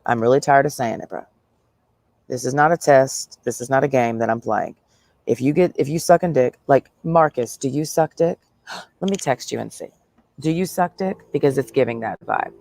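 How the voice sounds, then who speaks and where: Gravelly, blunt woman ranting on stream. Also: very deep voice, normal speed, a little mellow, no echo. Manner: blunt, profane, sarcastic, talks to the listener directly. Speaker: livestreamer. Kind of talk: ranting livestream monologue.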